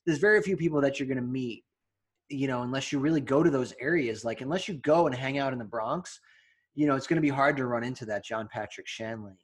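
New york guy co-hosting a podcast, faint accent, chatty and quick, laughs a lot. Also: mid-range voice, slightly rough. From New York, Long Island area. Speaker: podcast co-host. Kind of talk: casual chat.

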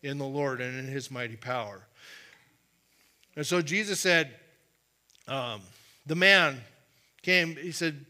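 Bright-voiced male pastor preaching. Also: mid-range voice, slow pace, long pauses. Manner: conversational preaching, drops to a quiet firm voice for emphasis. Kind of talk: sermon.

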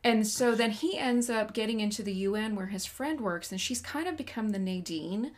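A woman's voice: medium pitch, normal speed. A woman co-hosting a casual podcast chat, recapping a movie plot with sarcastic asides. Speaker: podcast co-host reviewing a movie.

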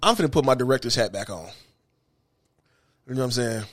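A middle-aged man co-hosts a podcast, spinning stories in casual chat with a mid-range voice at a fairly quick clip. His storytelling is animated, profane, and loaded with filler.

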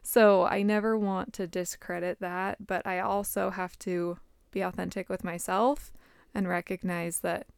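A young adult woman in casual chat, speaking candidly and haltingly as she searches for her words. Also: on the low side, level tone, creaky, clear, resonant tone, dry recording, studio quality.

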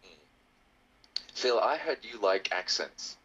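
Brief: podcast guest, low and very lively voice, bright tone, dull call audio. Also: male voice, slow, breathy edge. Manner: animated, laughs often, theatrical. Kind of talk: casual chat. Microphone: video call.

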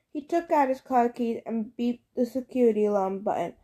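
A woman narrating a fantasy novel as an audiobook reader, in a steady storytelling read. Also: on the high side, a little fast, hardly any pauses.

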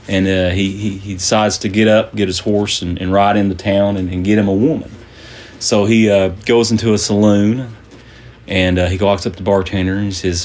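In a lowish, darkish voice with fairly even intonation, a man hosts a podcast at a moderate pace. The chat is casual and full of jokes, and he rambles, filling gaps and restarting often.

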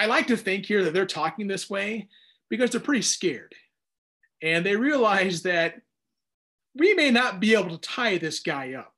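High-voiced man teaching a Bible study. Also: fairly bright tone. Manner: conversational, self-deprecating, with frequent restarts. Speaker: pastor.

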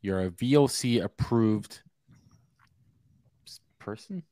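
A man's voice: on the low side, slow pace, dark tone, no room sound, studio quality. A man co-hosting a podcast, chatting in an easygoing, hesitant way. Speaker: podcast co-host, HVAC technician. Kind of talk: casual chat.

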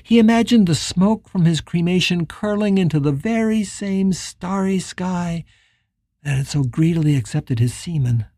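Mellow, husky audiobook narrator. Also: medium pitch, normal speed, dry recording, studio quality. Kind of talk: scripted narration.

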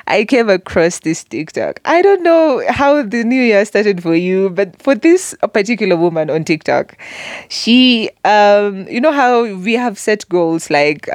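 A woman's voice: fairly low pitch, dry recording, studio quality. A young woman vlogger chatting casually to her viewers, telling stories with lots of fillers and asides. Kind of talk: casual chat to camera.

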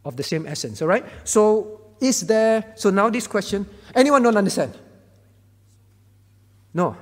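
A man's voice: high-pitched, big pitch swings, measured pace. A male pastor teaching through Bible questions, repeating key phrases and checking in with listeners. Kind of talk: teaching Q&A talk. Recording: long reverb hall.

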